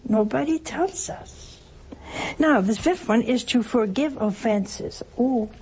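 A woman's voice: a little high, slow pace, a little mellow, slight background noise. An older woman preaching a sermon in a homespun, teasing way, asking rhetorical questions and acting out little everyday scenes. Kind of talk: sermon on works of mercy.

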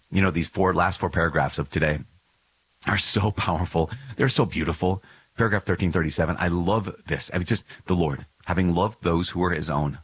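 A man's voice: low-pitched, fairly bright tone, slightly rough. A man hosting a religious podcast, teaching with earnest enthusiasm and telling stories with many small digressions. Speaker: podcast host.

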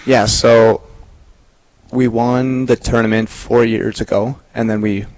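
A young man in his twenties, a seminarian guest, talking about himself in a relaxed, easygoing way in an interview. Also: medium pitch, slow, poor audio. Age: 20s. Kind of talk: casual interview chat.

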